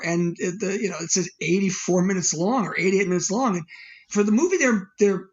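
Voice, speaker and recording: A man's voice: sits high, brisk, highs cut off. A man appearing as a guest screenwriter on a podcast, speaking hesitantly with many "you know" and "um" fillers. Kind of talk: casual film discussion.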